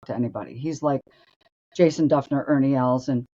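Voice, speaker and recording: A woman's voice: a bass voice, fairly quick, dark tone, muffled recording. An older woman co-hosting a show, telling blunt, brash stories and acting out the voices of people in them. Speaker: co-host and former tour golfer. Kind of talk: animated storytelling.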